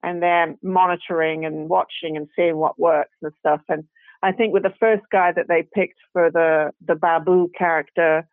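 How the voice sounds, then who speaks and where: A woman's voice: fairly low pitch, steady tone, moderate pace, no room sound. A British woman, a guest actress, talking in a chatty, rambling way with frequent "you know"s, restarts and laughter. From Britain. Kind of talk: casual interview chat. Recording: dry, tinny phone-like call audio.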